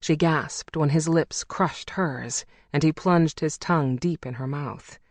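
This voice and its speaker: An audiobook narrator reading a romance novel in a measured, intimate way. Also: medium pitch, dry recording.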